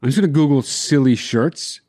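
A male podcast co-host talking casually at a medium pitch. He is blunt and excitable and gets worked up quickly when he argues a point. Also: no room sound. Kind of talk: casual chat.

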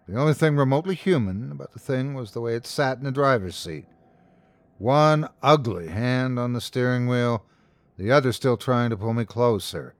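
A man hosting and narrating a scripted horror story in a measured, dramatic first-person telling. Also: mid-range voice, no room sound. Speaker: host and narrator.

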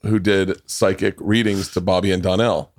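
A middle-aged man hosting a podcast, telling stories in a loose, profane, animated way. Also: deep voice, moderate pace. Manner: animated, profane, laughing storyteller. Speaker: podcast host. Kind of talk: casual storytelling chat.

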